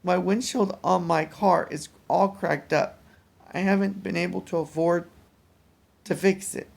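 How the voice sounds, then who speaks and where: Weary man with a very gravelly voice. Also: sits high, fairly even intonation. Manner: weary, rambling, halting restarts. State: mentally exhausted. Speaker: vlogger. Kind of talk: casual personal vlog.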